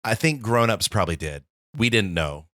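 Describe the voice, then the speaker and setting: A man's voice: fairly low pitch, animated, normal speed, fairly bright tone, no echo, clean studio sound. A man co-hosting a movie podcast, chatting enthusiastically and laughing often. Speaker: podcast co-host. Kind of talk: casual movie chat.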